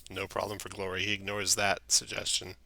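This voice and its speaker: A man running a tabletop game as dungeon master, brisk and quick to laugh. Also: low voice, completely flat delivery, vocal fry, pushed and bright. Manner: brisk, laughs often, slips into quick character voices.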